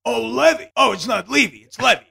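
A man doing an impression of an excitable older comedian, loud and gushing. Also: high voice, gravelly, voice pushed up, exaggerated voice. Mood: excited. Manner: loud, gushing, rapid-fire.

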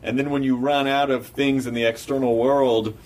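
A man hosting a casual podcast chat, musing quickly and thoughtfully. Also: mid-range voice, level tone, darkish tone, distant mic.

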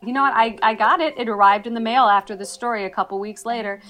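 A woman's voice: a little high, fast, fairly bright tone, faint music behind. A woman reporter casually explaining consumer news in a chatty, self-joking way.

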